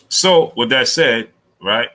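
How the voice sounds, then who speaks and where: A middle-aged man hosting a casual live stream, reading super chats, repeating himself and climbing high when he argues. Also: rough recording. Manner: animated, repeats himself, rises sharply when arguing.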